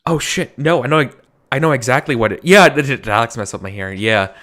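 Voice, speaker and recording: A man's voice: mid-range voice, a little fast, sharp tone. A man with a Californian accent, playing in a tabletop game and talking casually, with lots of restarts and laughs. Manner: rambling, restarts, laughs a lot. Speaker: player.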